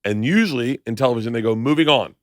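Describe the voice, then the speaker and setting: A man's voice: medium pitch, quick pace, no room sound, clean studio sound. A middle-aged man hosting a podcast, telling stories in casual chat and acting out the voices of the people he quotes. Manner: animated, acts out quoted voices. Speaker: podcast host.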